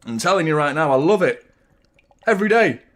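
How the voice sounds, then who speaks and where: This young man, a young adult, runs a casual football watchalong live stream where he rambles, curses freely, and reads comments from viewers aloud. He sounds drained, though his fairly quick voice sits high and is expressive.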